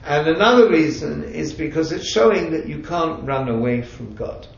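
A man with a slightly high, gravelly voice walks a group through a subject, patient and explanatory, with chatty asides. He sounds distant from the mic in an echoey room. The sound is dull. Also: moderate pace, a little hiss or hum. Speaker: religious teacher.

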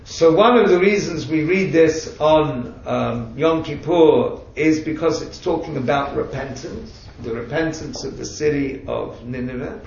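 A man with a slightly high, gravelly voice walks a group through a subject, patient and explanatory, with chatty asides. He sounds distant from the mic in an echoey room. The sound is dull. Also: a little slow, few pauses, a little mellow, a little hiss or hum. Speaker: religious teacher.

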